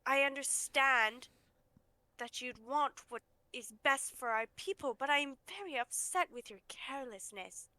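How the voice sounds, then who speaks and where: A woman's voice: sits high, sharp tone, no echo. A woman voicing a distrustful young woman reproaching her uncle in a tabletop game. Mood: reproachful. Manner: measured, reproachful. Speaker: player.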